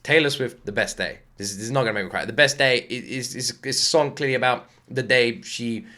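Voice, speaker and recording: A British man hosting a music reaction channel, telling a rambling, excitable story in a casual chat to the camera from his home office. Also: medium pitch, a little fast.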